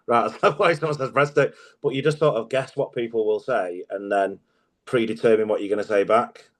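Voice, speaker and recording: A middle-aged guest comedian talks casually in an interview, telling stories, laughing a lot and swearing freely. His voice is lowish and his delivery brisk.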